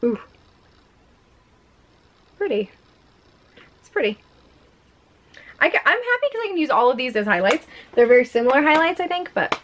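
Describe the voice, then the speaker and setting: A woman's voice: sits high, sing-song, normal speed, pauses often, fairly bright tone, slight background noise, low-quality recording. A woman vlogging a casual makeup unboxing at home, gushing and exclaiming with frequent giggles. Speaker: beauty vlogger.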